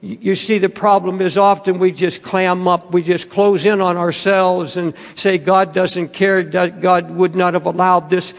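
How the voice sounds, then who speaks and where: An older male pastor preaching a sermon in an earnest, pleading way, with quiet, halting passages. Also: sits high, little pitch movement, gravelly, in a large hall.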